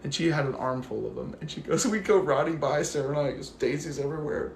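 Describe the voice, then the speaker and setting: A man's voice: a little high, quick pace, creaky, reverberant, slight background noise. A man ranting casually on a phone livestream while out walking his dog, acting out the people in his stories and swearing freely. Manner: animated storyteller, acts out quotes, swears freely. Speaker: livestream host.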